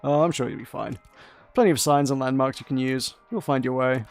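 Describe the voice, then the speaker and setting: A man's voice: mid-range voice, brisk, gravelly, soft background music, close to an everyday voice. A man reading the lines of a kindly, teasing grandmother character from a narrative game, in a casual read-aloud manner.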